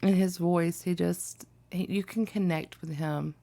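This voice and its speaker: Young woman, reaction vlogger, gravelly fry, chatty and rambling. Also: on the low side, fairly even intonation, measured pace, dark tone. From Alabama, USA. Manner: chatty and rambling, with many ums and likes. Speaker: reaction video host. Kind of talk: casual reaction vlog chat.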